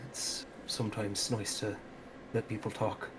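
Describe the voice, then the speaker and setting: A man's voice: on the low side, little pitch movement, measured pace, noisy background. A man playing a tabletop game, speaking in character politely and hesitantly with many fillers. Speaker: player. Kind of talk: in-character tabletop role-play.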